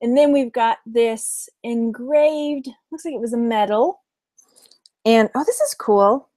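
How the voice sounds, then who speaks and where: A woman's voice: fairly high pitch, takes it slowly, warm tone, dry recording, clean studio sound. A woman in her thirties with a Texan accent, chatting casually on a live stream, giggling often and reading viewer comments aloud. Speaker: vlog host, reseller.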